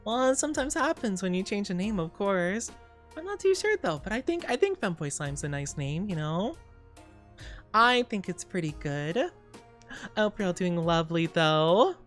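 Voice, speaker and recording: A man's voice: sits high, big pitch swings, normal speed, a bit bright, faint music behind. A young man streaming, chatting casually in a bubbly, rambling way, reading chat aloud and giggling often.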